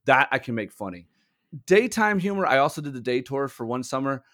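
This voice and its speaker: This young adult co-host has a mid-range voice and talks fairly quickly, recounting stories with lots of laughter. He animatedly acts out quotes during the casual podcast chat.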